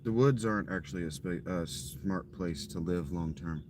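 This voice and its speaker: Male gaming streamer, deep-leaning voice, deadpan profane chatter over steady background noise. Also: normal speed. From Ohio. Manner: dry, offhand, profane. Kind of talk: casual live game commentary.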